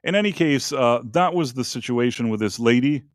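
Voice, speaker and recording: A man's voice: medium pitch, expressive, moderate pace, no room sound, studio quality. A man hosting a casual live-streamed talk show, giving blunt, opinionated takes with some profanity as he rambles from topic to topic. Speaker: podcast host.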